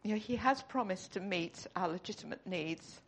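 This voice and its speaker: A woman's voice: medium pitch, expressive, normal speed, husky. A woman giving an earnest, conversational sermon in church. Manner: earnest, conversational, tearful at the close. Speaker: church speaker.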